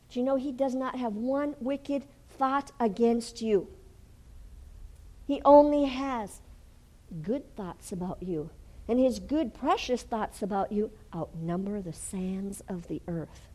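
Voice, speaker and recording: A woman preaching a sermon and telling a healing story, dropping to hushed whispers and then rising to loud, fervent exclamations. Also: fairly high pitch, takes it slowly, poor audio. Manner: storytelling with acted quotes.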